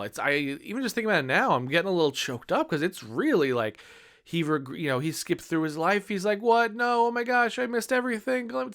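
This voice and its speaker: A man's voice: fairly high pitch, a bit bright. Enthusiastic thirtysomething man reviewing movies. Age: 30s. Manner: enthusiastic, rambling with many fillers.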